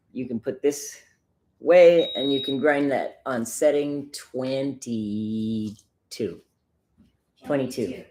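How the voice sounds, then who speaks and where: A man's voice: medium pitch, a little hiss or hum. A man from the United States hosting a casual livestream, chatting and laughing while he brews coffee. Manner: chatty, self-deprecating, laughs often. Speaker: livestream host.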